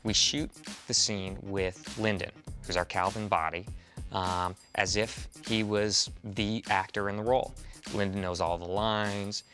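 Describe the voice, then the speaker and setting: A man explaining the filming process slowly, step by step, in a behind-the-scenes interview. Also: fairly low pitch, steady tone, sharp tone, faint music behind.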